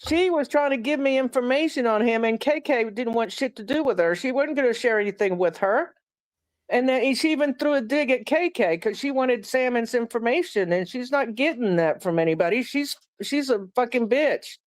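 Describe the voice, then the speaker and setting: A woman's voice: fairly high pitch, animated, moderate pace, no echo. A woman from New Mexico ranting heatedly and swearing as a panel guest on a live stream. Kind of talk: casual live-stream chat.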